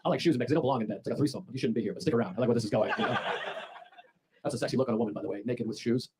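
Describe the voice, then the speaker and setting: A man doing a stand-up set on stage, dry and quick, acting out little voices for the jokes. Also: medium pitch, background noise. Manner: dry, quick-fire joke delivery with acted-out voices. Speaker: stand-up comedian. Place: comedy stage before a live audience. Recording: loud audience laughter from a comedy show.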